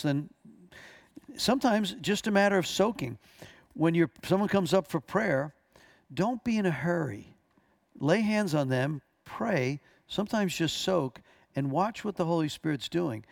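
A man's voice: fairly high pitch, creaky, no echo, studio quality. A man teaching a church class as pastor, telling stories earnestly with frequent restarts.

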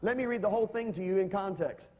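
A male pastor with a notably high voice delivers an emphatic sermon, repeatedly calling on his listeners to say amen. His words ring out with a long reverb, as if heard in a large church sanctuary. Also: fast talker, a little mellow. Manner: emphatic, calls for amens and audience responses.

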